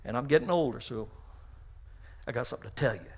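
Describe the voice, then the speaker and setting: A man's voice: mid-range voice, fast talker, darkish tone. A middle-aged man, a pastor, preaching a sermon in a church, telling stories with acted-out dialogue and emphatic repeated phrases. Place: church sanctuary.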